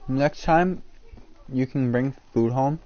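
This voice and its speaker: A man's voice: medium pitch, slow, lo-fi sound. Grumbling young man on a gaming headset. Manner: dry, grumbling, blunt, swears. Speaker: game streamer. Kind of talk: casual chat during a live stream.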